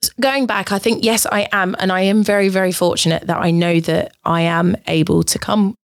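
A woman's voice: medium pitch, fairly even intonation, a little fast, no room sound. A woman, a podcast guest in candid casual chat, giggly and self-conscious with many fillers.

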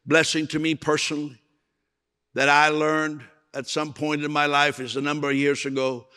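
Bright-voiced preacher man in a reverberant hall. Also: on the high side. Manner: storytelling, acts out quoted voices. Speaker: evangelist preacher. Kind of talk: sermon.

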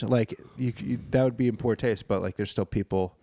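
A man's voice: on the low side, fairly quick, vocal fry, hardly any pauses, dark tone, no room sound. Young man, casual banter, rambling, swears a lot, dry recording. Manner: loose, profane, rambling storyteller. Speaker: podcast co-host.

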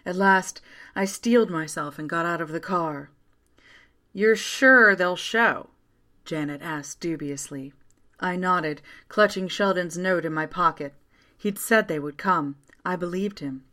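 A woman narrating a first-person story aloud in a quiet, steady way. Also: lowish voice, a little slow.

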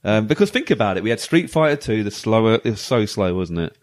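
A man's voice: on the low side, fast. A man, co-hosting a podcast and telling a rambling, laugh-filled story in casual chat. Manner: rambling, animated, laughs often. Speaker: podcast co-host.

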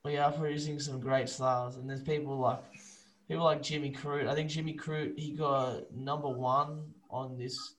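An Australian man co-hosting a podcast, loose and excitable, swearing a lot, talking over a remote call. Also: mid-range voice, normal speed, rough recording. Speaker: podcast co-host. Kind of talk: casual chat.

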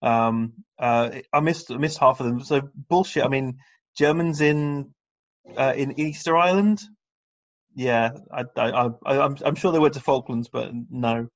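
A man's voice: mid-range voice, a little slow, lo-fi sound. A man on a podcast panel, hesitant and stumbling over repeated words.

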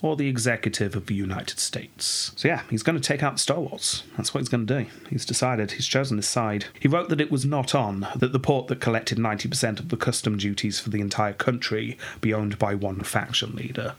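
A man's voice: medium pitch, fairly quick, hardly any pauses, a bit bright, husky. A man hosting a podcast, casually telling a history story and reading quotes aloud with frequent laughs.

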